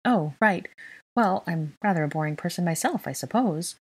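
A woman's voice: lowish voice, lively intonation, normal speed, slightly rough. A woman voicing an earnest, timid young woman who tends to ramble, in a fan fiction reading.

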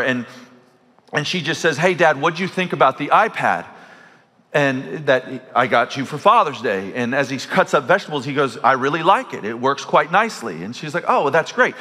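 Pastor, male, bright forceful tone, animated sermon with restarts, long church reverb. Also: a little high. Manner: animated storytelling with frequent self-corrections. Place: large church sanctuary. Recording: hall reverb from church sanctuary.

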